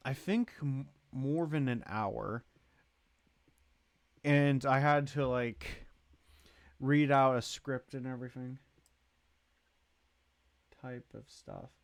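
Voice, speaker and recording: A man's voice: medium pitch, smooth, dry recording, studio quality. A man hosting a livestream, chatting casually in a rambling way and greeting and thanking viewers in the chat. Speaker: livestream host.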